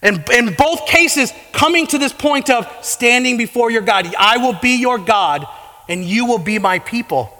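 A man's voice: very high-pitched, animated, a little slow, sharp tone. A man preaching a sermon as pastor, fervent and building to impassioned pleading in places. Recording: long hall reverb.

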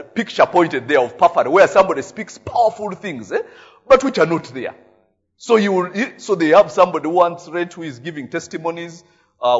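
A Ugandan man preaching a sermon in a husky, slightly raised voice. He spins stories with constant "eh?" tags and frequent laughter. The recording sounds muffled and lo-fi. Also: a little high. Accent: Ugandan English. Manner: animated storytelling, frequent "eh?" tags, laughing often. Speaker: pastor.

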